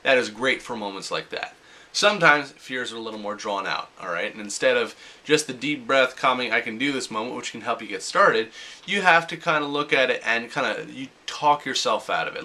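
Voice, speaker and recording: Bright-voiced man giving casual pep talk. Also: medium pitch. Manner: casual, acts out quoted inner voices. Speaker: vlogger. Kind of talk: motivational vlog talk.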